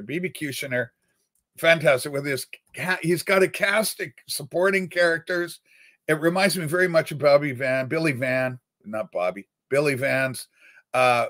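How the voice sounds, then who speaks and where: A man's voice: on the high side, a bit bright. A man hosting a casual livestream, rambling and reading viewer comments aloud with playful, theatrical outbursts. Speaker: livestream host.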